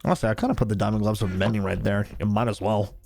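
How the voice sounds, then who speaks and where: A man's voice: on the low side, fairly even intonation, rapid-fire, gravelly, a little mellow, faint music behind. A tired man live-streaming a game, chatting casually, swearing freely and laughing often. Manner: laid-back, swears a lot, laughs often.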